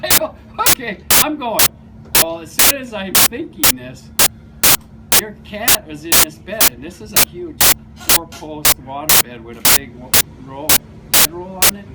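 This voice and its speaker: A man's voice: a little high, a little slow, distant mic, loud music behind the voice, low-quality recording. A man telling a story to friends in a casual, profane way, acting out what people said. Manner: animated, profane, acts out quotes. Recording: loud background noise.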